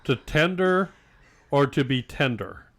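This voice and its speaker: A man's voice: fairly high pitch, animated, takes it slowly, a bit bright. Podcast guy, casual chat, cracking jokes about pompous talk. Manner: jokey, mocks pompous speech. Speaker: podcast co-host.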